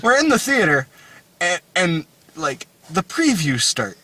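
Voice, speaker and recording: A man's voice: sits high, big pitch swings, unhurried, pushed and bright, poor audio. A man co-hosting a casual movie review chat outdoors, ranting and swearing freely. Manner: profane, grumbling rants. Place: outdoors in the cold.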